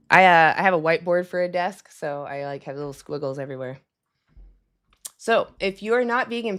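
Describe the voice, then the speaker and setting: A woman hosting a casual live stream at her desk at home, rambling with lots of fillers and chatty asides. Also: low-pitched.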